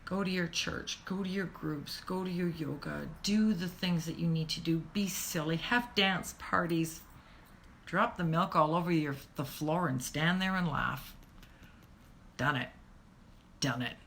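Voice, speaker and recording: A middle-aged woman hosting a casual motivational talk on parenting, expressive and sometimes dropping to a near-whisper for emphasis. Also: lowish voice, measured pace, gravelly, a little hiss or hum.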